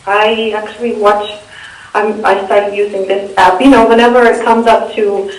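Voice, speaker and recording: A young woman with a Russian accent talks through interview answers in an unhurried, hesitant way, full of fillers and false starts. Her voice sits at an ordinary pitch and comes from some distance off the mic in an echoey room. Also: flat delivery. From Eastern Europe. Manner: hesitant, lots of fillers and restarts. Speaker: interview guest.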